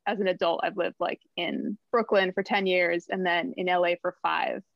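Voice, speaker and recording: A woman from New Jersey, a songwriter guest on a podcast, talking in a thoughtful, halting and wryly playful way. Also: lowish voice, steady tone, gravelly, dry recording. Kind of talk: casual interview chat. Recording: dull lo-fi mic.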